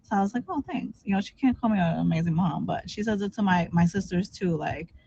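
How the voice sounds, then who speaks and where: A woman's voice: on the low side, fast, creaky, mellow, lo-fi sound, slight background noise. A woman guest chatting casually, upbeat and encouraging, with many "like" fillers. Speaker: guest streamer. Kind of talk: casual chat.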